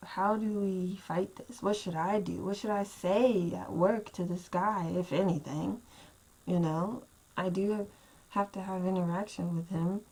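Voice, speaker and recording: An animated woman tells a story to her webcam at home in casual chat. She sounds exasperated and leaps up in pitch whenever she quotes herself or others. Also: unhurried, slightly rough, low-quality recording. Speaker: vlogger. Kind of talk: casual storytelling rant to camera.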